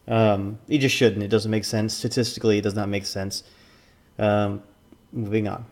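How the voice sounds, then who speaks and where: A man who once judged card tournaments talks through his views in a loose, rambling way, filled with ums and restarts. His voice sits low, with a gravelly fry running through it. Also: flat delivery, a little fast, darkish tone. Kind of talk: casual commentary.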